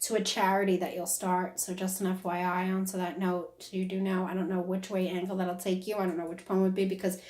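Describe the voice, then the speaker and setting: A woman's voice: lowish voice, flat delivery, a little fast, few pauses, a little mellow. Chatty woman medium in an echoey room. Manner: chatty, keeps checking with "is that correct?". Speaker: psychic medium. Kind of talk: casual one-on-one reading. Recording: roomy echo.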